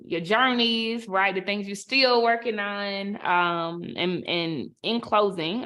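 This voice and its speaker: A woman wraps up a virtual panel on a video call. She speaks in a measured, affirming way, thanking the speakers. Her pace is unhurried and she often pauses with small fillers. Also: medium pitch, a bit bright. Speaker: panel moderator.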